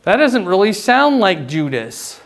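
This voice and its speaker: Male pastor, fairly high voice, casual teaching sermon, keeps asking "right?", spikes up for emphasis. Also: sing-song, a little slow, vocal fry, fairly bright tone. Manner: conversational teaching, frequent "right?" and "okay?" check-ins; rises in pitch and volume for emphasis.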